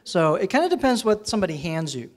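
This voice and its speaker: A man leads a live workshop on microphone technique, and his voice sits a little high for a man. He talks in a relaxed, conversational way and turns to the audience with questions. He is heard through handheld and headset microphones in a room with a sound system. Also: fast. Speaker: presenter teaching microphone technique. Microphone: handheld and headset microphones, switched during demo.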